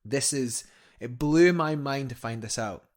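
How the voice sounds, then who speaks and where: Man, young adult, eager storyteller, mid pitch, rambling, casual interview. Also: unhurried. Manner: enthusiastic, rambling with fillers and restarts. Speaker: guest climber.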